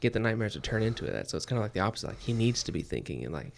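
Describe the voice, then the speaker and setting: Gravelly man rambling about a book. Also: on the low side, big pitch swings, very fast, a little hiss or hum. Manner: rambling, many fillers and restarts. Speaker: book podcast co-host. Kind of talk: casual chat.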